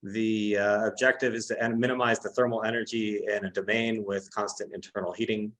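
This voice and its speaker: A man with a fairly low voice hosts an online technical workshop and announces contest winners. He explains simulations in a relaxed, casual way, with plenty of "uh" fillers between phrases. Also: fairly quick, rough recording. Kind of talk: presenting over a video call.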